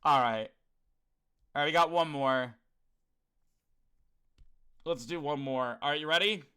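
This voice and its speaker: Young male streamer from New York, casual and profane; bright, cutting tone with a slightly high pitch. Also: a little slow, clear, resonant tone. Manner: loud, animated, swears often, talks straight to chat. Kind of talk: casual livestream chat.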